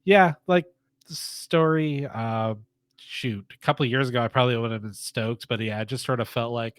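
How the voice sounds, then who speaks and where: A man's voice: medium pitch, fairly even intonation, brisk, no echo. Eager, chatty man on a dry mic. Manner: enthusiastic, chatty, trips over words. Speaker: wrestling show reviewer. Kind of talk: casual podcast chat.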